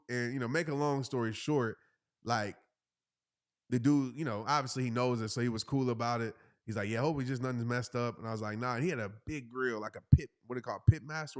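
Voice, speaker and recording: A man, casually telling a funny story and acting out the voices of the people in it. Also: mid-range voice. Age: 30s. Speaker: motivational speaker telling a story.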